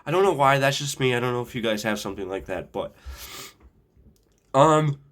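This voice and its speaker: A young man telling a funny story in a loose, rambling way. He swears a lot, trips over his words and starts his sentences over, with fillers between the thoughts. His voice sits at an ordinary middle pitch. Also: expressive, moderate pace, a bit bright. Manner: rambling, swears often, frequent restarts and fillers. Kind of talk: casual anecdote.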